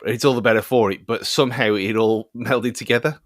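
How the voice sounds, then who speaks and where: A male podcast co-host chats casually about a film, rambling and frequently restarting, with many fillers. His mid-range voice keeps a steady tone at a fairly quick pace, recorded dry with clean studio sound.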